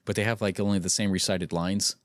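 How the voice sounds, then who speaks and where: A man's voice: deep voice, steady tone, fairly quick, no echo, studio quality. A man hosting a casual podcast with friends, ranting bluntly and with exasperation, swearing freely. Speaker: podcast host.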